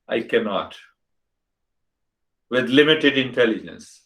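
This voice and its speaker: A man's voice: medium pitch, lively intonation, measured pace, pauses often, fairly bright tone, rough recording. Older man teaching, emphatic and rhetorical. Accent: Indian English. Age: 60s. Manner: rhetorical, repeats questions, emphatic. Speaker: spiritual teacher. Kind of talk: spiritual talk.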